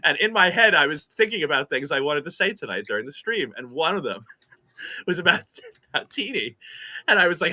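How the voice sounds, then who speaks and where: A man hosting a casual podcast chat, animated and laughing often as he talks. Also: a little high. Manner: laughing, animated, quick asides. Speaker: podcast host.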